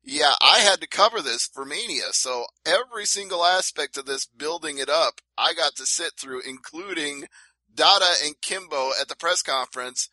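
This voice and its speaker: A man's voice: fairly high pitch, lively intonation, moderate pace, sharp tone, no room sound, poor audio. A man co-hosting a casual fight-sports podcast, laying out events step by step with emphasis. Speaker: podcast co-host. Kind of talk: casual MMA talk.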